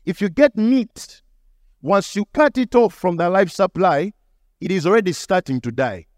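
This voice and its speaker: A male pastor delivers a sermon with a fairly high voice. He teaches through stories and now and then acts out the people in them. The sound is dry and close, with hardly any room. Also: animated, moderate pace, darkish tone, dry recording. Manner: storytelling preacher, acts out the people in his stories.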